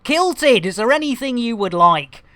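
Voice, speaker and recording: A woman streams a game with a comedian's patter, full of puns and giggles. Her voice sits a little high and swings widely in pitch. She talks at an unhurried pace. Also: expressive, dry recording. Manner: playful, punning comedy patter with frequent laughs; showman-like addresses to "ladies and gentlemen". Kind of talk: live game-stream commentary.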